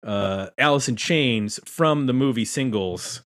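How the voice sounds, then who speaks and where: A man's voice: medium pitch, measured pace, a bit bright. A man hosting a casual podcast roundtable, chatty and self-deprecating as he introduces guests. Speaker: podcast host.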